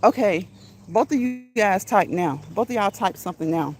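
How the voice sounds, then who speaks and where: A woman live streams casually during an outdoor neighborhood walk, talking with her viewers, reading the chat out loud, and laughing a lot. Her mid-range voice is expressive and steady at a normal speed, with a little hiss or hum present.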